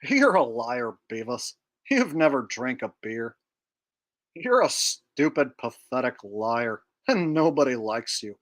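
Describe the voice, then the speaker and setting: A man voicing a slow, insulting cartoon teenage boy who mocks his friend in a deadpan drawl. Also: medium pitch. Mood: taunting.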